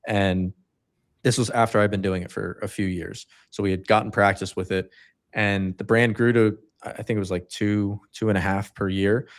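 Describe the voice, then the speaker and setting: A man's voice: lowish voice, fairly even intonation, normal speed. A man co-hosting a livestream, telling a story in a rambling, casual way with many fillers. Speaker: livestream co-host.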